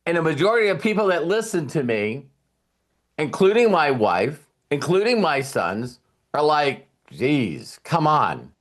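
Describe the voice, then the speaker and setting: An older man hosts a video call and gives a rambling motivational talk in a somewhat high voice. He talks in a folksy way and breaks into laughs. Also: big pitch swings, moderate pace. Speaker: host.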